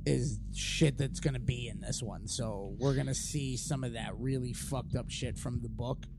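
A man's voice: mid-range voice, steady tone, normal speed, gravelly. A man in his thirties hosting a casual podcast chat, profane and rambling. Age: 30s. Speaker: podcast host. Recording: noisy background hiss.

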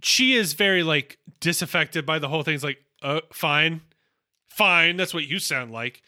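A man co-hosting a podcast, recapping a TV episode in a casual, chatty way. His voice sits high and sounds very bright and sharp. He agrees readily and drops quick asides. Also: lively intonation. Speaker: podcast co-host.

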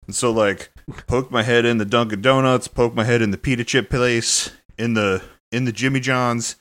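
A man's voice: medium pitch, steady tone, normal speed, a bit bright. Podcast co-host, male, rambling casual storyteller, loose and filler-heavy delivery. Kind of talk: casual anecdote telling.

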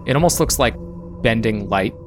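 A man running a tabletop game as game master, narrating scenes in a measured way with small pauses and restarts. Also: lowish voice, animated, over music.

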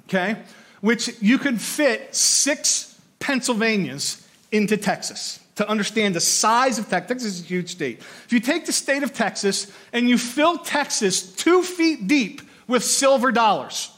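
A man preaching a sermon, teaching from a study book with animated storytelling and frequent rhetorical questions. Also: sits high. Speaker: pastor or teacher.

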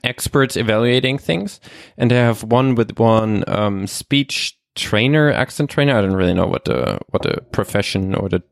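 A man co-hosting a casual podcast chat, animated and laughing often. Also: lowish voice, moderate pace, vocal fry, no room sound, clean studio sound. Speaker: podcast co-host.

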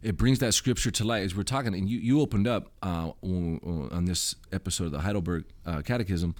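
A man's voice: deep voice, a little fast, darkish tone, no room sound. A man co-hosting a podcast who affirms his partner and shares his own reflections in casual faith talk. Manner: affirming, backchannels "yeah" and "absolutely". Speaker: podcast co-host.

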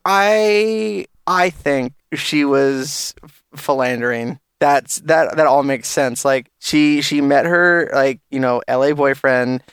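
Crude, joking man with a clear voice. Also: fairly high pitch, takes it slowly, fairly bright tone, no echo, studio quality. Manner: crude, joking, rambling with restarts. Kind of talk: casual chat.

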